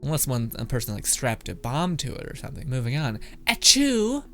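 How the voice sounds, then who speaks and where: A man's voice: mid-range voice, fast talker. A man reacting to internet memes in casual commentary, laughing often, swearing, and rambling off into asides. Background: background music.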